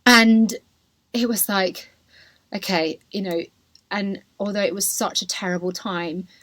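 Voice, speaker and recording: A woman's voice: medium pitch, measured pace, a bit bright, no room sound. A woman opens up on her podcast, speaking candidly and emotionally with plenty of "like" and "you know". Her voice sits in a middle register, and the recording is close and dry with no room around it. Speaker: podcast host. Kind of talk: personal storytelling.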